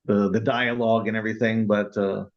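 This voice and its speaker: A man's voice: little pitch movement, fairly quick. A man co-hosting a casual film podcast, rambling with many fillers and laughing as he retells scenes. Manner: rambling, laughs often, acts out quotes in a high voice. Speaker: podcast co-host. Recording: dull lo-fi sound.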